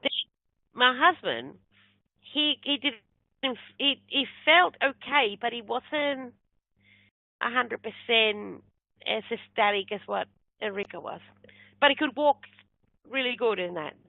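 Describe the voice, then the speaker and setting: A woman's voice: a little high, takes it slowly, gravelly, long pauses, dry recording. Woman telling a story, plays out all the voices, sounds tinny and dry like a phone. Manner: animated storyteller acting out quoted dialogue. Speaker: guest, spiritual medium. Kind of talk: casual storytelling in an interview.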